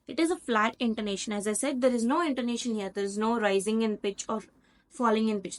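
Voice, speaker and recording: A woman's voice: a little high, fast talker. A woman with an Indian English accent, a lecturer methodically walking through lesson slides and repeating key points.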